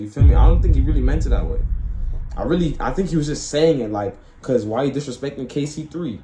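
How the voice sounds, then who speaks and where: A man's voice: on the high side, expressive, quick pace, mellow, reverberant, rough recording. A man streaming his casual reaction to a clip, talking in loose slang, rambling and asking "you feel me" again and again.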